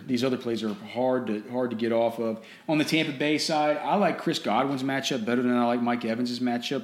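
A man giving casual fantasy football and betting commentary in a blunt, opinionated way, often restarting and repeating words. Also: mid-range voice.

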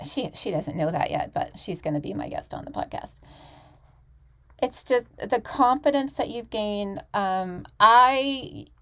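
A woman talks on her own podcast in a casual, candid monologue. She speaks emphatically and often restarts her sentences. Her voice sits at an ordinary pitch with a noticeable gravelly fry. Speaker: podcast host.

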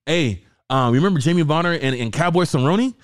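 Man, rapid talker, excitable slang, dry close mic. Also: fairly high pitch, clear, resonant tone, no room sound. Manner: excitable, slangy, talks over his partner. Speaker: podcast co-host. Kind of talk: casual MMA podcast chat.

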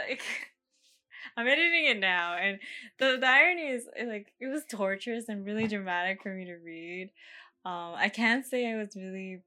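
A woman's voice: mid-range voice, sharp tone. A young woman hosting a podcast, chatting casually in a rambling way with lots of fillers and laughing at herself. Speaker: podcast host. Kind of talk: casual chat.

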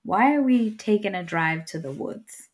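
A woman's voice: mid-range voice, expressive, a little slow, slightly rough. A woman guesting on a podcast, chatting casually about a movie with laid-back, blunt remarks.

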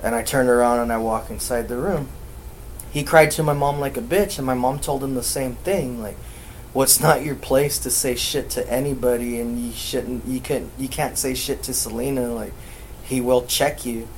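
A man casually telling a ghost story on a podcast, swearing constantly and rambling, acting out quoted lines louder. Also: medium pitch, steady tone, moderate pace, slight background noise, rough recording. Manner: profane, rambling, acts out quotes loudly. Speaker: podcast co-host.

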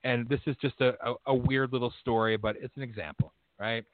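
A man's voice: medium pitch, steady tone, a little fast, no room sound. A man hosting a casual conversation, telling a story bluntly with plenty of profanity and getting more worked up as he goes. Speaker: host. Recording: tinny phone-line audio.

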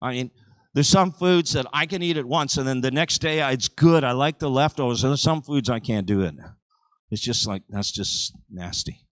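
A male pastor delivering a sermon, swinging between loud, driving surges and quiet, conversational asides. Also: mid-range voice, moderate pace, no room sound, low-quality recording. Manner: animated preaching with sudden surges and drops in volume.

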